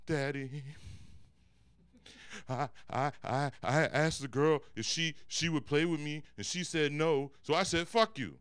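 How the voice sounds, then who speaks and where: A small five-year-old girl who stammers through an explanation, as a male comedian puts her on. The voice stays bright and clean, close to his own, inside a stand-up routine. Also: on the high side, measured pace, smooth, dry recording. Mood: sheepish.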